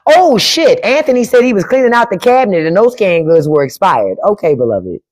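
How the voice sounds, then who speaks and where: A woman's voice: mid-range voice, sing-song, fairly quick, few pauses, a little mellow. A woman hosting a live stream, giving blunt, profane commentary and talking straight to her chat by name. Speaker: podcast host on a live stream.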